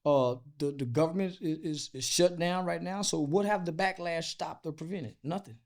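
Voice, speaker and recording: A man's voice: a little high, moderate pace, a little mellow. A man from the United States, an interview guest, talking bluntly and crudely with lots of fillers and restarts. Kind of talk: casual interview talk.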